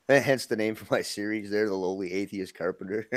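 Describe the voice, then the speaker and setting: A man's voice: lowish voice, dry recording. A man, chatting casually as a guest and laughing often. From Minnesota. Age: 50s. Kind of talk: casual live-stream chat.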